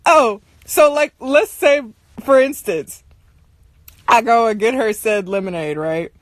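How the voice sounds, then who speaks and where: This young woman, hosting a livestream, speaks slowly in a voice on the high side with no echo. She relates stories to her viewers in an exasperated, ranting way, often breaking into laughter.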